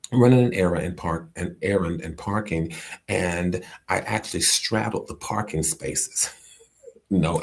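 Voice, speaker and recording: Speaking in a low, creaky voice with a breathy edge, a middle-aged man livestreams from inside a friend's home during his travels. His casual inspirational talk opens with greetings to viewers and is marked by many restarts and repeated phrases.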